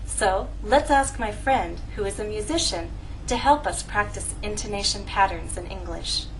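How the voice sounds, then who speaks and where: A woman's voice: mid-range voice, normal speed, slight background noise, rough recording. A woman language teacher explaining intonation and introducing a friend who is a musician. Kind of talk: scripted lesson presentation.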